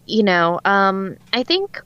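A woman's voice: medium pitch, big pitch swings, takes it slowly, a bit bright, clear, resonant tone, no room sound, muffled recording. A woman from Alaska with a general West Coast American accent, a voice actor guest chatting casually on a podcast with many fillers. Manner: chatty, laughs often, lots of fillers.

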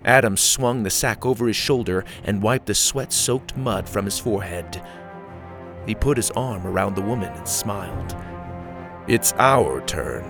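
A man reading a scripted story aloud as narrator, with a steady storytelling delivery. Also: fairly low pitch, normal speed, over music.

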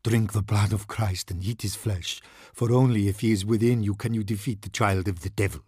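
A man voicing a desperate male priest in a storybook reading, speaking slowly and urgently, sometimes in a hiss. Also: fairly low pitch, fairly even intonation, slightly rough, dry recording, studio quality. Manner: slow hushed urgent warnings, hissing at times.

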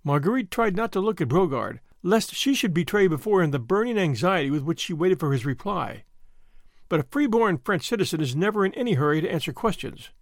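A man narrating a classic novel as an audiobook, with expressive storytelling. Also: high voice, brisk, no echo, clean studio sound. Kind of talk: scripted narration.

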